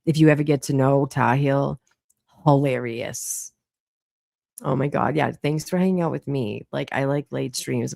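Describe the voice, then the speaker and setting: A woman's voice: very deep voice, creaky, darkish tone, no room sound, clean studio sound. A woman with a Boston accent, hosting a casual late-night livestream, effusive and rambling, swearing casually. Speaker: livestream host.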